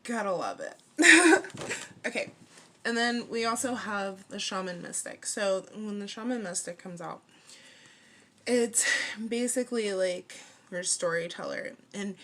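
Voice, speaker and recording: A tarot card reader in her thirties does a casual reading to camera in a mid-range, creaky voice with a fairly bright tone. She's chatty and playful, uses playful slang, leans heavily on "like," and laughs often.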